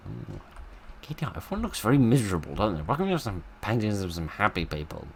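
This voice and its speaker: Deep, gravelly man joking through a game. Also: big pitch swings, fast talker, slight background noise. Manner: wry, sarcastic asides to the game. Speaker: let's play host. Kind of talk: casual gameplay commentary.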